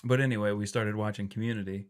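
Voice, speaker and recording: A man's voice: lowish voice, steady tone, fast talker. A man in his forties co-hosting a podcast, chatting casually, often laughing as he reads items from a list. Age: 40s. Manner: joking, laughs often while reading a list aloud. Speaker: podcast co-host. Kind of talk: casual chat.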